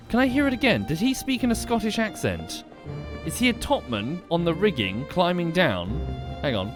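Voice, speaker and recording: With faint music in the background, this game streamer muses aloud at a normal speed, his high voice swinging widely as he talks to and questions the on-screen characters during live commentary.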